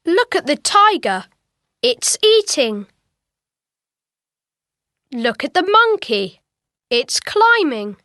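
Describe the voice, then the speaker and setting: High, bright woman reading for kids. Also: no room sound, studio quality. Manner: slow, clear, expressive reading for children. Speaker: textbook audio reader. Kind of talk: scripted lesson reading.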